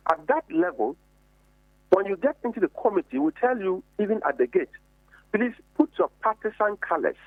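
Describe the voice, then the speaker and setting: An emphatic man, firing off rhetorical questions in heated political commentary. His voice sits high and swings widely in pitch. The sound is dry and tinny, like a phone line. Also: husky, dry recording. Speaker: member of parliament on a committee.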